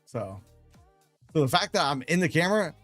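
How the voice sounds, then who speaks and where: A man with a slightly high voice spins loose, chatty stories on a live day-trading stream, laughing between anecdotes and leaning on repeated phrases for emphasis. His voice is dry and close, with soft music playing faintly underneath. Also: very animated, moderate pace, dry recording. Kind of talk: casual storytelling on a live stream.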